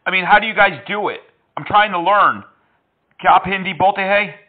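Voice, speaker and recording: A man's voice: sits high, normal speed. Teasing man on a tinny phone line. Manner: mocking, teasing, playful. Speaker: prank caller. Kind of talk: prank phone call.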